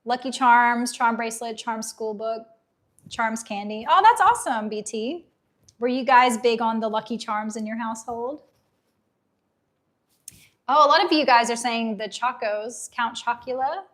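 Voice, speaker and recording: A woman in her thirties, casually chatting on a live unboxing stream, reading viewer comments aloud with nostalgic enthusiasm, her voice getting a little hoarse. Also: fairly high pitch, steady tone, a little slow, a bit bright. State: losing her voice. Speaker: livestream host.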